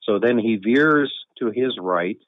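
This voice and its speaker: A man telling a long anecdote in a relaxed, wry way with chuckles and deadpan humor. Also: medium pitch, unhurried, no echo. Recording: tinny phone-like line, dry.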